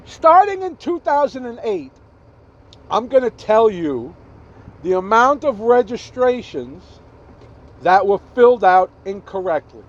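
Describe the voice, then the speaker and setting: A man's voice: sits high, very animated, measured pace, highs cut off. A man giving an emphatic, repetitive political rant as a vlogger, swearing now and then and stumbling over his numbers.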